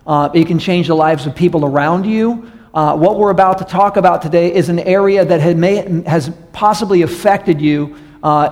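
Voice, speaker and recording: Pastor preaching in a big echoing hall. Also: male voice, on the high side, darkish tone. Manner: storytelling, acts out voices in stories. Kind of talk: sermon. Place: church sanctuary. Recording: long reverb of a large hall.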